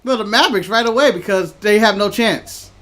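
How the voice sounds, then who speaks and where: A man co-hosting a casual watch-along chat, excitable, laughing often and swearing freely. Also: high-pitched, fairly quick. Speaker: co-host.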